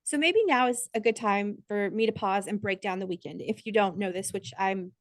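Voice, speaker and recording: A woman's voice: medium pitch, normal speed, dry recording. A woman co-hosting a podcast, talking in a chatty, earnest way with plenty of "like" fillers. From United States. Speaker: podcast co-host. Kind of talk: casual podcast chat.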